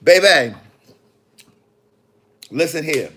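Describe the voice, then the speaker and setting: A man, an author, chatting on a phone livestream in a sassy, animated way, talking straight to his viewers. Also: on the high side, drawn-out words, a little hiss or hum. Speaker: author hosting a live video. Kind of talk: casual livestream chat. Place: in the city after a book event.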